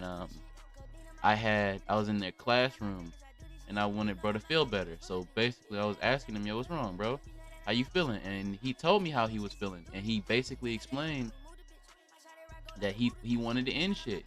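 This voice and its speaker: A man's voice: fairly low pitch, fairly bright tone. A young man hosting a casual livestream podcast, rambling in a blunt, profane rant. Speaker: podcast host.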